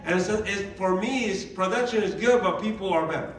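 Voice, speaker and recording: A man's voice: high voice, a little fast, a crowd in the background. Man giving an echoey motivational talk. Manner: emphatic, repeats key phrases, quizzes the audience. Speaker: motivational speaker for a sales team. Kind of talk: motivational talk to a live audience. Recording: very echoey room, mic far off.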